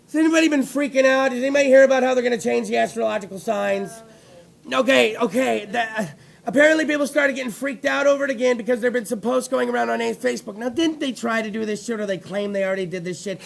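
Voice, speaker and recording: A man hosting a crude, jokey live internet talk show, loud and profane. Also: fast, creaky. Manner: loud, crude, jokey, swings into a soft low put-on voice.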